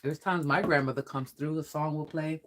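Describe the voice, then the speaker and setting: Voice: mid-range voice, steady tone, normal speed. A psychic tarot reader hosting a live stream in casual chat. Talks in a rambling, talkative way and laughs often. Turns blunt and threatening when addressing trolls.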